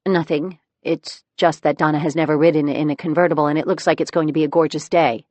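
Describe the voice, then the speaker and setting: A woman's voice: sits low, fairly even intonation, fast, darkish tone, no room sound, close to an everyday voice. A woman playing a defiant young adult daughter. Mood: sulky. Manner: sulky, indignant retorts.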